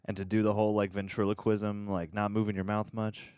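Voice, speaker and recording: A man's voice: lowish voice, level tone, brisk, heavy background noise. A man co-hosting a movie reaction, dropping dry punning quips. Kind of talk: casual joking commentary.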